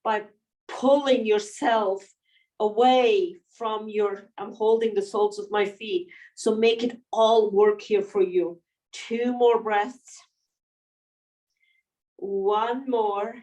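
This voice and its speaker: A woman teaching a yoga class, gently cueing breaths and poses while she demonstrates them. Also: medium pitch, steady tone, slow pace, poor audio. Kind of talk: guided yoga class instruction. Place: studio class recorded on video.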